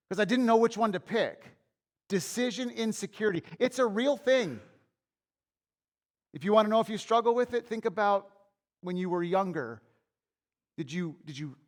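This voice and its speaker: High-voiced pastor preaching candidly. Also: male voice. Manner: candid, conversational preaching with anecdotes; repeats and restarts words when worked up. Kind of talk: sermon. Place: church.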